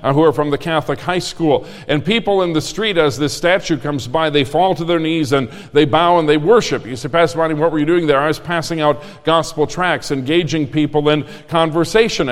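A man's voice: fairly high pitch, long reverb tail. A man preaching a sermon as pastor, telling a story in a frank, emphatic way.

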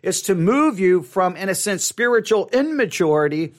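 A man's voice: sits high, sing-song, moderate pace. A man, a pastor hosting a live Bible study podcast, talking in an earnest, conversational way with frequent restarts.

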